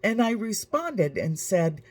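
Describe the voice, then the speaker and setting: A woman's voice: medium pitch, sing-song, slow pace, a little mellow. A woman vlogger telling a story to camera in a dry, wry, matter-of-fact way.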